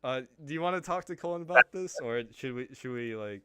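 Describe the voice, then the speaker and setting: A man's voice: medium pitch, expressive, fairly quick, a bit bright, clear, resonant tone, no room sound. A man hosting a casual voice-chat stream, teasing his guests, stammering and laughing often. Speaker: streamer host.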